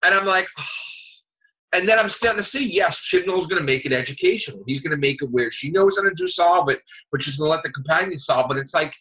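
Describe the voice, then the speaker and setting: A man's voice: a little high, animated, fairly quick, sharp tone. A man co-hosting a casual fan podcast, ranting with lots of fillers, restarts and swearing. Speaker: podcast co-host. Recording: dull lo-fi podcast audio.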